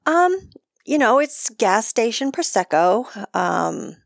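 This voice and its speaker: A woman's voice: on the high side, very animated, slow pace, vocal fry, no echo. A woman co-hosting a podcast, chatting casually and playfully while tasting wine, laughing easily. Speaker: podcast co-host.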